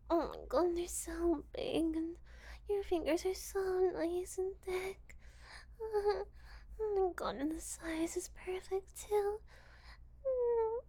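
In an intimate audio role-play, a young woman plays a gullible, eager girl who flusters easily, giggling, stammering and slipping into breathy whispers. Her voice is extremely high-pitched and warm.

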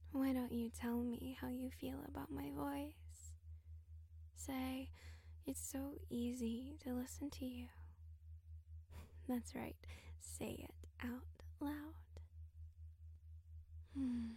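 A woman's voice: on the high side, dark tone, dry recording, exaggerated voice. A woman whispering as a hypnotic tailed queen. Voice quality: breathy whisper. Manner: slow hypnotic commands, teasing and possessive. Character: domineering royal tailed temptress, hypnotic and teasing. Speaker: audio role-play performer. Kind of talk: whispered role-play. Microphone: close mic.

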